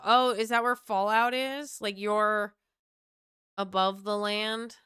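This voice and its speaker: A woman's voice: mid-range voice, steady tone, takes it slowly, bright, forceful tone, clear, resonant tone, no echo, studio quality. A young woman streamer chatting casually with chatty, self-mocking asides. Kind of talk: casual live-stream chat.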